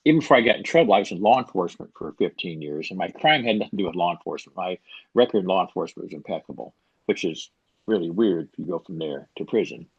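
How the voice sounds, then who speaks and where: A man in his sixties speaks with a very low, gravelly and husky voice. He tells his story in a dry, wry, self-deprecating way. The sound is dull and close, with no room around it. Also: animated, fast, dry recording. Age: 60s. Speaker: author guest. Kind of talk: casual interview talk.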